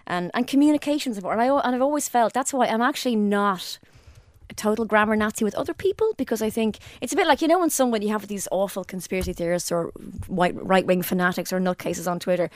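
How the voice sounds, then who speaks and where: A woman's voice: medium pitch, fast talker, dry recording, studio quality. Chatty Irish woman podcast host. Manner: chatty, animated storyteller. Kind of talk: casual chat.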